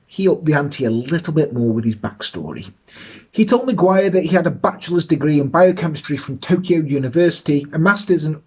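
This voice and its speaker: Husky man telling a crime story. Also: on the high side, darkish tone. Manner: sweary, sardonic, jokey asides. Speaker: podcast host telling a true crime story. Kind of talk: casual storytelling chat.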